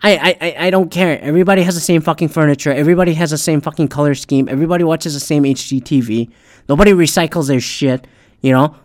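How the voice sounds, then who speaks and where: A man's voice: a little high, quick pace. Profane, ranting male podcast host. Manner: profane, ranting, animated, with frequent restarts. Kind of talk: solo rant podcast.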